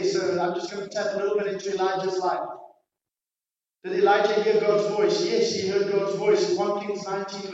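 A pastor preaching a sermon, pushing hard on his exhortations and then dropping to quiet, dramatic lines. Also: high-pitched. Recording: distant, echoey hall, dull sound.

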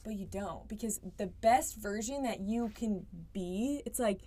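A woman's voice: mid-range voice, measured pace, warm tone, slight background noise. Earnest young woman talking faith. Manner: earnest, lots of "like" fillers. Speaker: podcast guest. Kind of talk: casual faith conversation.

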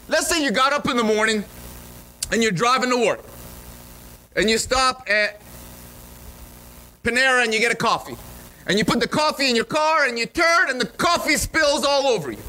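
A pastor with a very high voice delivers a sermon from a church sanctuary, animatedly recounting a story and repeatedly starting over. The recording is poor, with some faint background noise.

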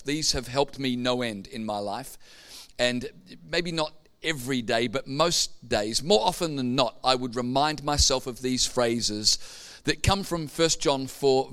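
A man's voice: medium pitch, a bit bright. A man preaching a sermon, telling stories and building up to emphatic points. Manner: storytelling, building to emphatic peaks. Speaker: pastor.

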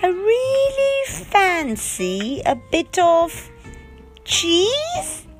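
A woman playing a squeaky, dotty little lady. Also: wildly swooping pitch, very slow, faint music behind, full character voice. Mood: airy. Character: dotty, absent-minded little woman character.

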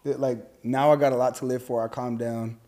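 A man in his thirties in relaxed conversation, chiming in eagerly with jokes and asides. His voice sits at an ordinary middle pitch for a man. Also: brisk. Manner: jokey, eager interjections. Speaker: podcast co-host. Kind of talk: casual chat.

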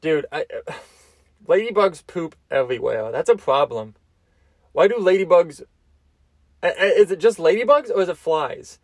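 A man's voice: on the high side, animated, normal speed, pauses often, a little mellow, no room sound. A young man hosting a solo comedy podcast, telling loose, crude stories with lots of restarts and self-amused asides. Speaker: podcast host. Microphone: close mic, seated.

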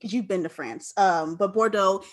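A woman in her twenties from Los Angeles telling a story in casual chat, animated, swearing freely and acting out her own past lines. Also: medium pitch, moderate pace. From Los Angeles, California. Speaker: guest, wine enthusiast.

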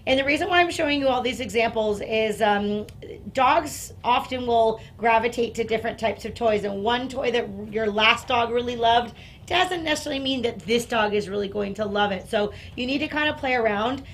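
A woman dog trainer explaining and demonstrating toys, breaking into excited praise for her dog. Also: normal speed, slight background noise. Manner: upbeat, bursts into high excited praise for the dog.

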